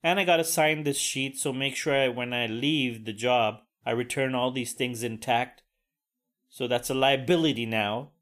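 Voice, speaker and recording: A man's voice: mid-range voice, moderate pace, fairly bright tone. A man in his forties hosting a podcast, talking in a casual monologue and ranting sardonically with plenty of swearing. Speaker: podcast host.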